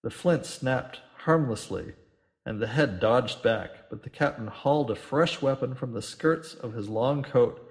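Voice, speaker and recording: Man, audiobook narration, measured, steady, mid pitch.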